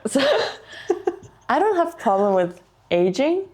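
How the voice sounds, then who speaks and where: A woman's voice: fairly high pitch, very animated, slow pace, warm tone. A young woman co-hosting a podcast in casual chat, joking and rambling into playful asides. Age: young adult. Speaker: podcast co-host.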